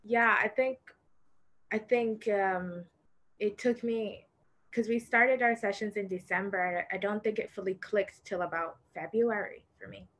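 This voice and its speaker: A woman's voice: medium pitch, a bit bright. Earnest woman sharing her experience. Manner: thoughtful, earnest, halting with fillers. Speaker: workshop participant. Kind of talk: casual reflective sharing.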